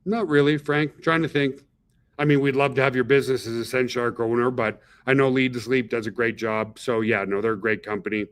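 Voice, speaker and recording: A man's voice: mid-range voice, level tone, brisk, clean tone. Middle-aged male webinar host; casual, chatty founder type who checks in with his audience a lot. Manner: chatty, peppers talk with "okay?" and "guys".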